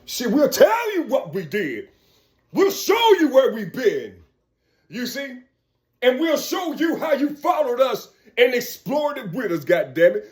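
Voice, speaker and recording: A man ranting in a preachy, profane spiritual monologue, often shouting and checking in with the listener. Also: very high voice, big pitch swings, a little slow, reverberant. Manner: preachy, profane, keeps asking "you see"; bursts into shouting and laughter.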